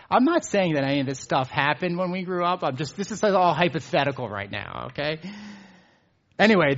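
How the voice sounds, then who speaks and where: A man preaching a sermon, earnest, rising in emphasis and then dropping low on his key words. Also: dull audio. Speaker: pastor.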